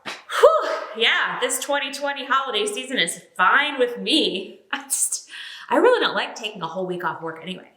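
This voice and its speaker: A woman delivering deadpan comedic character monologues, chatty and hesitant with fillers. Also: a little high, brisk, reverberant. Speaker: comedy sketch performer.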